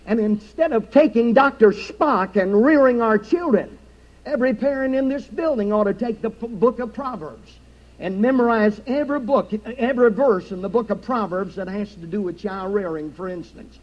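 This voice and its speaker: A man's voice: high-pitched, moderate pace, dull audio. A man preaching a sermon in a church, reciting scripture with an emphatic preaching cadence. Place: church sanctuary.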